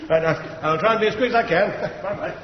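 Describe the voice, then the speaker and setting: A man's voice: high voice, quick pace, lightly acted. An actor playing a flippant, cheery bomb disposal officer who chuckles as he talks, in a radio sitcom. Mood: breezy. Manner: chuckling, breezy, offhand. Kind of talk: 1970s radio sitcom acting. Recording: echoey hall, dull radio recording, hiss.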